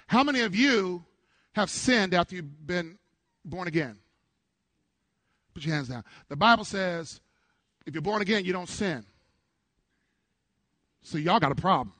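Middle-aged male pastor, high-pitched and dry-miked, preaching a lively call-and-response sermon. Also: no echo. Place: church before a congregation.

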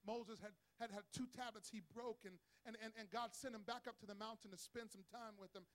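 High-voiced preacher building to shouts. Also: male voice, fairly even intonation, brisk. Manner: builds to shouting, repeats words when stressing. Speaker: pastor. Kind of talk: sermon. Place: church service with congregation.

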